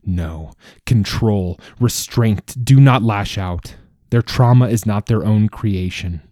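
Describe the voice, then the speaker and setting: Guy doing old immortal desert king, stately formal talk, deep dark voice, dry sound. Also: slow, dry recording. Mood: restrained. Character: ancient immortal desert king, regal, restrained.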